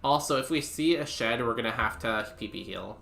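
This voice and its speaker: Young male streamer, rambling casual commentary, bright tone, roomy sound with music under it. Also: medium pitch, animated, brisk, gravelly. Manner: rambling, filler-heavy chat with viewers.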